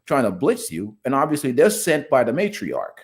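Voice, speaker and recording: A man's voice: mid-range voice, huge pitch swings, normal speed. A man talking as a guest on a livestream in a rambling, incredulous way. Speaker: co-host guest. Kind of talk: casual chat.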